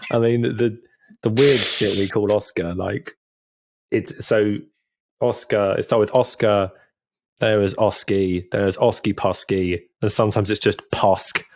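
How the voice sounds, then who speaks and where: A man's voice: fairly low pitch, steady tone, measured pace, no echo. A man co-hosting a podcast in casual chat, rambling and laughing at himself. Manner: giggly, rambling, self-deprecating. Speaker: podcast co-host.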